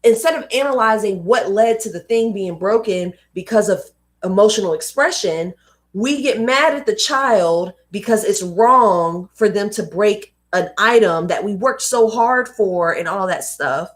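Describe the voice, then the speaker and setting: A woman's voice: mid-range voice, unhurried. A young adult woman hosting a live read-aloud, reading a book and adding casual, emphatic asides. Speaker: host reading books aloud.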